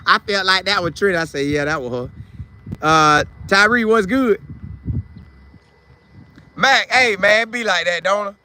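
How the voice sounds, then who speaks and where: A man from hosts a sports livestream, calling out commenters by name in easygoing slang. His voice sits high for a man and cuts through with a very bright, sharp edge. A faint hiss of noise runs underneath. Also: moderate pace, long pauses. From Polk County, Florida. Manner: loose, slangy, talks back to chat by name. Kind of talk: casual live chat, reading viewer comments.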